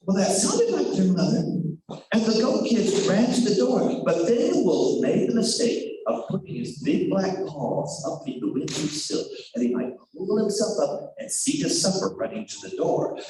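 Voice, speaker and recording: A male storyteller performing a folk tale for children, high-pitched and very lively in his swooping, theatrical narration. He sounds far from the mic in a very echoey room, with noise behind him. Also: moderate pace.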